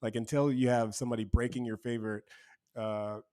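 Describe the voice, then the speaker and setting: Podcast guest, man, mid-pitched voice, earnest and relaxed, casual slang. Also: fairly quick. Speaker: podcast guest, men's community co-founder. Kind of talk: casual conversation.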